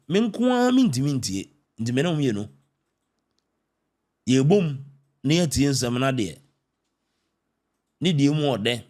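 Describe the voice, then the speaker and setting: Male host opening a reaction show. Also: medium pitch.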